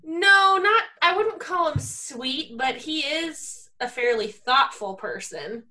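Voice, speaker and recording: A woman's voice: sits high, expressive, takes it slowly, sharp tone. A woman co-hosting a podcast who talks casually, laughs often and fills her talk with "like" and "you know". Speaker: podcast co-host. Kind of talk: casual chat.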